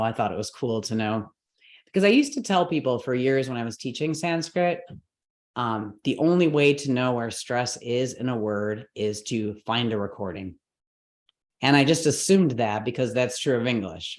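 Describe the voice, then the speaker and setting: A woman's voice: extremely low pitch, a little mellow. Woman patiently teaching Sanskrit stress rules. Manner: patient explaining with frequent okays and all rights; slows down to spell out syllables. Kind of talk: online mantra lesson.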